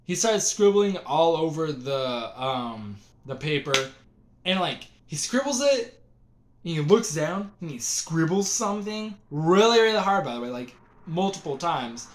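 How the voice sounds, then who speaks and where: A man's voice: a little high, very animated, unhurried. A young man telling a story in a casual, rambling way, full of fillers and restarts.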